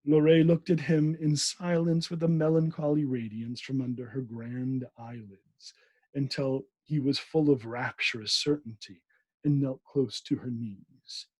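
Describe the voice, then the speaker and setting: Male podcast host reading a classic novel aloud, husky, dark voice, dry sound, trips over names and corrects himself. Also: mid-range voice, steady tone, unhurried, no echo.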